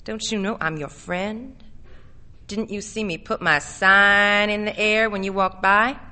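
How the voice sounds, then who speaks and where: A woman's voice: medium pitch, steady tone, a little slow, pushed and bright. A woman reading a story and voicing a man of about thirty who poses as a teenager, talking in a slightly mocking, kidding sing-song. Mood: coaxing.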